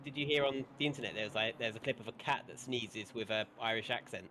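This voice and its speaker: A man's voice: medium pitch, fast talker, sharp tone, slight background noise. A man doing casual, teasing live commentary and banter on a sim race. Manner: playful, teasing, jokey.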